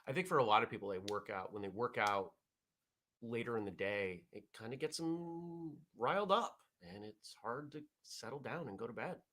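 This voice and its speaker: A man hosting a casual morning vlog show, chatting in a relaxed, rambling way as he reads viewer comments. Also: mid-range voice, normal speed.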